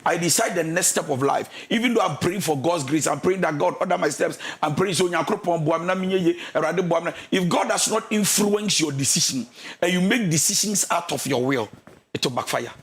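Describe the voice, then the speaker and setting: A man's voice: on the high side, a little fast. A man with a Ghanaian accent giving marriage counselling advice in a preachy, emphatic way, mixing English with Twi. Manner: preachy, mixes English with Twi, emphatic, shouts and sings phrases. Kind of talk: radio counselling talk.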